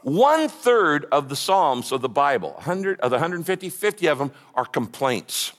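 Passionate male preacher, animated delivery. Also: on the high side, measured pace. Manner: passionate, emphatic repetition. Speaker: pastor. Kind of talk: sermon. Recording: echoey hall.

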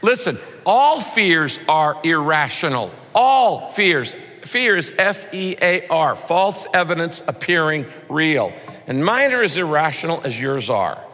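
A man's voice: fairly high pitch, very animated, unhurried, sharp tone. Emphatic preaching man in a reverberant hall. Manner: emphatic preaching with punchy rhymes, mock voices for quoted people. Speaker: pastor. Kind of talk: sermon.

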